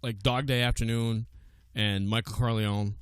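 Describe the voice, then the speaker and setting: A man's voice: mid-range voice, steady tone, moderate pace, clear, resonant tone. A man co-hosting a radio talk show in casual chat, joking and laughing often, recorded on a studio mic. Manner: jokey, laughs often, bursts into loud impressions.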